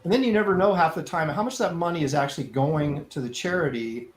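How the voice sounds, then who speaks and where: A man's voice: on the high side, fast, slight background noise. A middle-aged man co-hosting an art show, chatting casually and opinionated, poking fun at himself while he draws. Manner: wry, opinionated, self-mocking. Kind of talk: casual chat while drawing.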